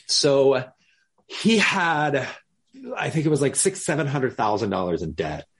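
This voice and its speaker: A man, a podcast guest, telling a lively story with laughter and acted-out quotes. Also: medium pitch, measured pace, husky. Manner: animated, laughing, acts out quoted voices.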